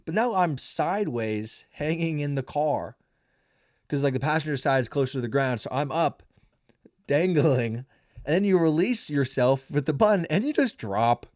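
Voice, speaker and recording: A man's voice: a little high, normal speed, no echo, clean studio sound. Profane, rambling young man comedian. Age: 20s. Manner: animated, self-mocking. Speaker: stand-up comedian, podcast host. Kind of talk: casual monologue.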